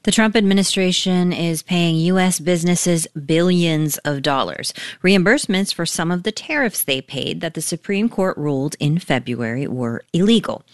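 A woman news anchor reading a scripted introduction in a crisp, formal way. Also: on the low side, normal speed, few pauses, no room sound, studio quality.

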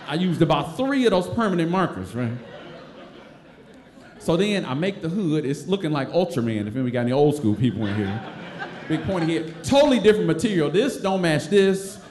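A man from Detroit tells a comic story on stage with a high, lively voice that jumps around as he acts out the people in it. A faint hum sits behind him. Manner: animated, acts out voices, laughs while telling. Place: stage before a live audience.

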